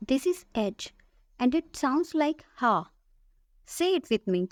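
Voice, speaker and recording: A woman teaching a language lesson, saying each letter and example word slowly and repeating them for the listener to copy. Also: sits high, big pitch swings, dry recording, studio quality. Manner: slow, careful, repeats each word for practice. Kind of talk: slow scripted alphabet lesson.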